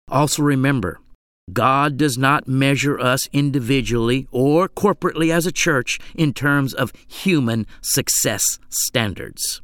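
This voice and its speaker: A man preaching a sermon, measured and emphatic, stacking phrases into parallel lines. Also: mid-range voice, a bit bright, dry recording, clean studio sound.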